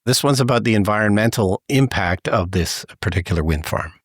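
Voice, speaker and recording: A man's voice: fairly low pitch, expressive, fairly quick, slightly rough, no room sound, studio quality. A man from Saskatchewan co-hosting a podcast in casual chat, laughing often and restarting his sentences loosely. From Saskatchewan, Canada. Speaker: podcast co-host.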